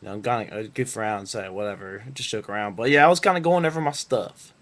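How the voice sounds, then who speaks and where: A man's voice: fairly low pitch, quick pace, fairly bright tone. Laid-back young man rambling on webcam. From Northern Kentucky. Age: young adult. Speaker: vlogger. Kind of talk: casual storytelling.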